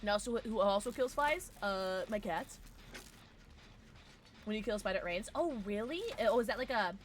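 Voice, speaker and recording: A woman streaming a game and chatting casually with her viewers, playful and excitable. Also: medium pitch, moderate pace, slight background noise. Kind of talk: casual gameplay streaming, reading chat.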